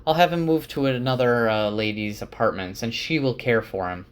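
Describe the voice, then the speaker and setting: A man voicing a young male leader who is weary and burdened, reading the lines quickly as part of a casual summary. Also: medium pitch, clear, resonant tone, natural voice.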